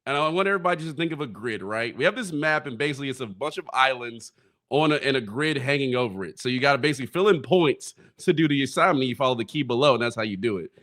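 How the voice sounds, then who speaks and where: A man's voice: medium pitch, animated, quick pace, fairly bright tone. A young man co-hosting a sports podcast, telling school stories in a laid-back way and laughing along. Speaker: co-host. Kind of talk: casual sports podcast chat.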